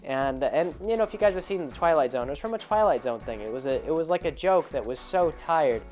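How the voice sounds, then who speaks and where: A man's voice: fairly high pitch, lively intonation, fairly quick, darkish tone, faint music behind. A man hosting a show, rambling through an anecdote about a tabletop game and repeating words as he goes. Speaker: host.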